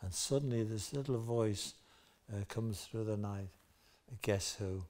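A man's voice: on the low side, moderate pace. Older Liverpool man telling stage anecdotes. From Liverpool, England. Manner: animated storyteller, lively asides. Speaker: guest storyteller. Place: theatre stage before audience.

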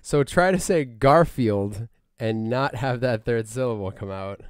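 A man co-hosting a podcast in casual chat, playful and often dropping into quiet muttered repeats. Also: medium pitch, unhurried, clear, resonant tone, dry recording, clean studio sound. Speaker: podcast co-host.

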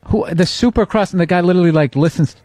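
A man's voice: high-pitched, rapid-fire, darkish tone, no room sound, clean studio sound. A man co-hosting a casual comedy podcast, swearing and teasing as he tells stories. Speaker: comedian co-host.

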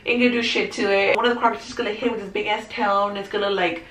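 A woman casually reviewing movies to her viewers, chatty and animated, with frequent fillers and asides to the audience. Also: medium pitch, racing, far from the mic. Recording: echoey room, voice a bit off-mic.

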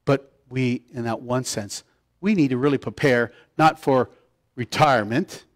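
A man preaching a conversational sermon to his church, swinging between loud emphatic lines and soft low asides. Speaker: pastor.

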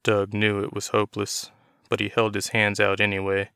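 A man reading a novel aloud as narrator, in a steady, measured storytelling manner. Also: fairly low pitch, gravelly, smooth, no echo, clean studio sound.

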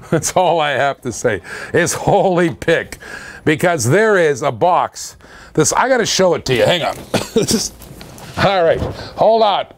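A man hosting a live-stream auction, excitable and laughing often, repeating his phrases. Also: fairly high pitch, gravelly.

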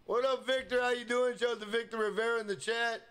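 A man's voice: extremely high pitch, flat delivery, fast, clean tone. A young man from Minnesota live streaming a game, chatting casually, swearing freely and hyping up his chat. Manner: hyped, profane, shouts out chat members.

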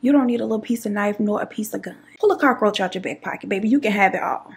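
A woman's voice: mid-range voice, fast. A woman telling a dramatic personal story to her viewers in a sassy, chatty way. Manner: sassy, dramatic, calls listeners child and girl. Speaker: YouTube storyteller.

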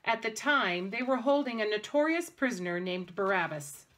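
Woman giving an even scripture reading. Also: medium pitch, normal speed. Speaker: scripture reader.

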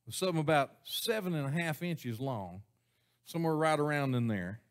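A man's voice: fairly high pitch, expressive, normal speed, fairly bright tone. A man preaching a sermon to his church congregation, folksy and chuckling, often asking the people questions. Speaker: pastor. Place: church sanctuary.

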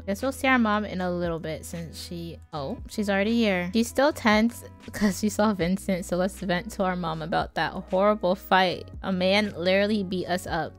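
A woman's voice: medium pitch, normal speed, few pauses, faint music behind. Chatty woman doing gameplay commentary. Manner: chatty, playful, prone to sudden exclamations. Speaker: gaming YouTuber.

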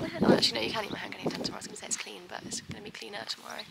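A young woman chats away on her vlog from an outdoor horse yard, her voice sitting a touch high. She giggles often and coos at her horses between explanations. Strong wind batters the microphone throughout. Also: expressive, fast, creaky. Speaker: vlogger and horse owner. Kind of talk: casual vlog chat. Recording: loud wind noise outdoors.

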